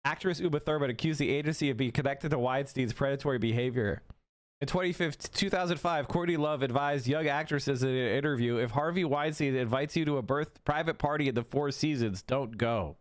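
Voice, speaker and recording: A man's voice: medium pitch, fairly quick, no echo. A man on a live stream reading an article aloud to his chat, casual, with small slips and restarts.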